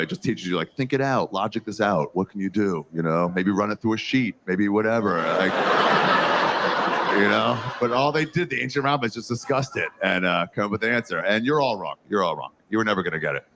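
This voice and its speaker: A young male comedian performs a stand-up set with a lively, swooping delivery, talking straight to the crowd. His voice has a gravelly edge. Loud ambient noise sits under the live stage recording. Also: fairly low pitch, fast. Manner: animated storytelling with crowd work and swearing.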